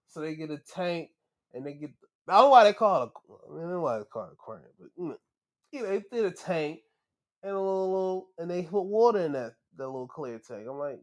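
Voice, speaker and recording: A man hosting a podcast, giving a casual wrestling recap and acting out the wrestlers' lines in an animated way. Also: on the high side, quick pace. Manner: animated, acts out wrestlers' lines, laughs and shouts when excited. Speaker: podcast host.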